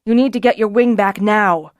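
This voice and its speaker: A woman narrator voicing a calm, authoritative male dragonrider leader in a fantasy audiobook, firm and steady. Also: medium pitch, moderate pace, no echo, clean studio sound, lightly acted.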